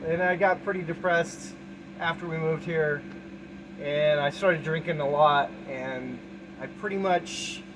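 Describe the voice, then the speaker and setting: A man's voice: fairly high pitch, noisy background. A middle-aged man talking casually and candidly about his music in a small shed studio, rambling with many restarts and fillers. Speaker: musician explaining his album. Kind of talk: casual talk to camera, track by track. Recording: music playing clearly behind the voice.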